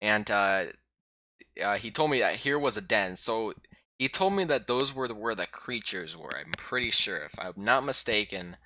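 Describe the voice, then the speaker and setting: A man casually recapping a game he played as a YouTuber, rambling and excitable with lots of fillers. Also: fairly low pitch, moderate pace, no room sound.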